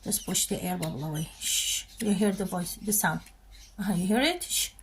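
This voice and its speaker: A woman's voice: fairly low pitch, moderate pace, slight background noise. A woman casually demonstrating how she hand-feeds her birds, talking to them affectionately as she works. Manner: cooing, affectionate talk to baby birds. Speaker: bird keeper showing hand-feeding.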